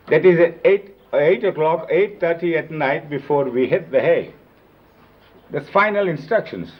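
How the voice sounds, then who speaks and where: A man telling lively, emphatic anecdotes about his time as a companion, recorded on old videotape. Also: a little high, a little slow. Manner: lively, emphatic retelling with acted-out quotes. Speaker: storyteller recalling his years as a companion. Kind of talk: informal anecdotal storytelling. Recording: dull lo-fi 1970s reel-to-reel videotape.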